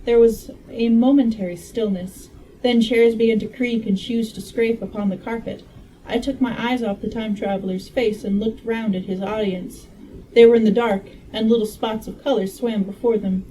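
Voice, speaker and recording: A woman reading a classic novel aloud in a casual style, steady but given to joking asides. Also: on the high side, moderate pace, distant mic, a little hiss or hum, low-quality recording. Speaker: audiobook reader. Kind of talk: casual read-aloud narration.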